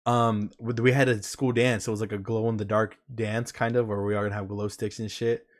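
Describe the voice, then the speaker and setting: A young man hosting a casual chat stream, telling a story in relaxed, slangy talk. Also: lowish voice, brisk. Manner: laid-back storytelling with slang. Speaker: streamer host.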